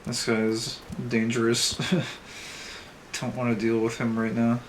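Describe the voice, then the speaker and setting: A man's voice: medium pitch, monotone, slow pace, a little hiss or hum. Dry, sarcastic man streaming a game. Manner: dry, self-described heavily sarcastic, thinks aloud. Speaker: streamer playing an online game. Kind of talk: casual let's-play commentary, reading game text aloud. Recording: faint game music underneath.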